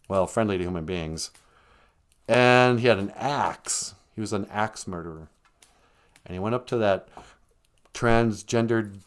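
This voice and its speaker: A man with a lowish voice spins a folk tale on a live stream as a storyteller, keeping it casual and rambling with jokey asides and self-corrections.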